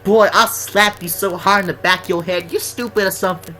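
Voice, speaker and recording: Dude putting on a loud bratty teen boy bully, high and sharp, mouthing off. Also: steady tone, brisk, faint music behind. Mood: taunting. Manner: loud, brash, slangy taunting. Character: rowdy teenage boy classmate, threatening.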